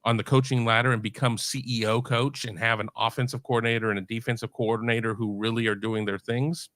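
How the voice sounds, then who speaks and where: A man's voice: mid-range voice, flat delivery, fast, fairly bright tone, dry recording. A man on a live sports podcast, speaking casually and with emphatic opinions.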